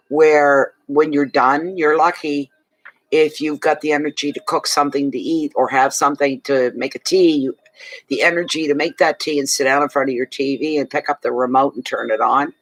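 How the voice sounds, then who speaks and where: A man's voice: mid-range voice, a bit bright, no room sound, rough recording. Chatty rambling man reading tarot. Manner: chatty and rambling, with restarts and asides. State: yawning, tired. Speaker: tarot reader. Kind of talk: casual monthly tarot reading to viewers.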